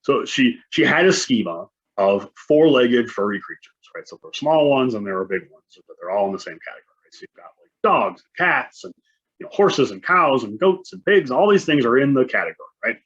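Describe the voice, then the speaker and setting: A man's voice: mid-range voice, sing-song, fairly quick, fairly bright tone, husky. A man in his thirties presenting a conference talk, speaking in a conversational way and often asking "right?". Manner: conversational, frequent "right?" tags. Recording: dull lo-fi sound.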